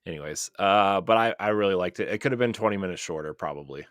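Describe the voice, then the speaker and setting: Low-voiced man in an enthusiastic podcast chat. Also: quick pace, a bit bright, no room sound, clean studio sound. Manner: enthusiastic, rambling with many fillers and restarts. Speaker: podcast co-host. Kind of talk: casual chat.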